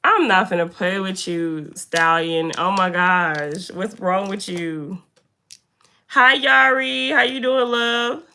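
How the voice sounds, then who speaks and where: A young woman chatting casually on a live stream in a room indoors, talking to her viewers by name in an animated way. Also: mid-range voice, slow pace. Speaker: livestreamer.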